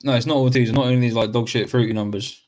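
A man's voice: medium pitch, fairly even intonation, racing, darkish tone. A man, rambling with mock seriousness and swearing freely in a casual podcast chat.

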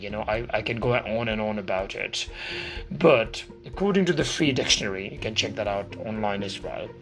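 A man from Asia giving a casual, informal lecture as a video host, chatty and hesitant with many fillers and asides. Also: mid-range voice. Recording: music playing behind.

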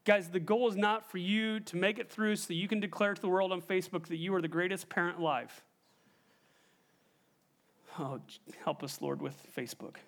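High-voiced man preaching emphatically. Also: moderate pace, long pauses, fairly bright tone. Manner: emphatic, asks the congregation questions. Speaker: pastor. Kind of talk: sermon.

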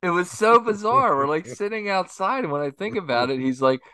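A man co-hosting a podcast who tells family anecdotes in a casual, animated way. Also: high voice, fairly quick, clean tone, dry recording, studio quality. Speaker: podcast co-host. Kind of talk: casual storytelling chat.

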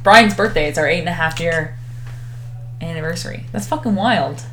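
A woman's voice: lowish voice, normal speed, fairly bright tone, a little hiss or hum. A woman co-hosting a casual podcast, teasing her partner and swearing freely. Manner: teasing, swearing, laughing often. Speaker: podcast co-host. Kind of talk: casual chat.

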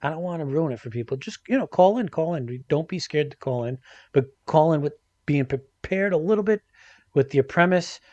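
A man co-hosting a casual podcast, speaking haltingly with repeated restarts. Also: a little high, expressive, a little mellow, no room sound, dull audio.

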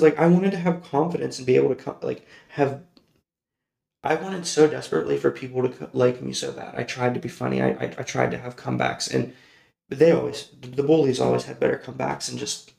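A man's voice: medium pitch, flat delivery, fairly quick, vocal fry, a little mellow. A man hosting a personal storytelling podcast, rambling and correcting himself as he goes, laughing often. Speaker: podcast host. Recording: roomy echoey recording.

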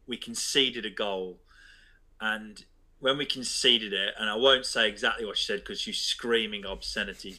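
Bright-voiced man telling rambling stories. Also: on the low side, rough recording. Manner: rambling anecdotal storyteller. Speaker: podcast co-host. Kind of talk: casual chat.

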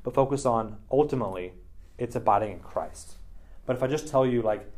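A man leads a casual Bible study discussion, chatting loosely and peppering his talk with "like" and "right?" His medium-pitched voice is brisk with a darkish tone.

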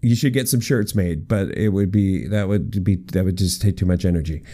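A man's voice: low-pitched, normal speed, warm tone. A man hosting a comedic weird-news countdown with wry, jokey asides. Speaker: podcast host.

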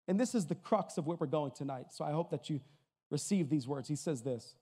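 A male pastor from Massachusetts preaching a sermon, telling a story with a joking, energetic delivery. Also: on the high side, a little fast, husky. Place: church hall before an audience. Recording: hall with long reverb.

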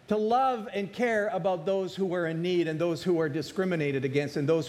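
A pastor preaching a sermon, building emphasis through repeated phrases and slowing on key words. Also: male voice, sits high, a little mellow. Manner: preaching with rising emphasis and repetition.

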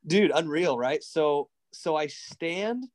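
Guy telling a wild racing story, kinda high voice, acts out what people said. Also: slow, a crowd in the background. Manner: animated, excitable, acts out quotes. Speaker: guest, racing driver coach. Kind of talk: casual storytelling.

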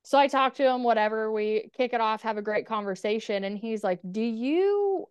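Smooth-voiced woman telling her story frankly. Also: fairly high pitch, level tone, fairly quick, no room sound. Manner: frank, swears freely, many "like" fillers. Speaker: podcast guest. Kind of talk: candid personal storytelling.

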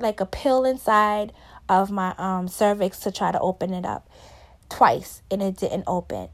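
A young woman recounts giving birth in an unscripted voice message. Her talk is candid and rambling, full of fillers and restarts, and her voice rises with emotion at the hard parts. Her pitch sits in the ordinary middle for a woman. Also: gravelly. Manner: emotional, voice rising when upset. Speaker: new mother telling her birth story. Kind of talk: casual spoken story, voice message.

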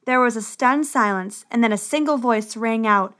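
A woman narrates a storybook adventure with a steady, expressive delivery. Her voice sits a touch high for a woman, and she keeps the story moving evenly. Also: moderate pace.

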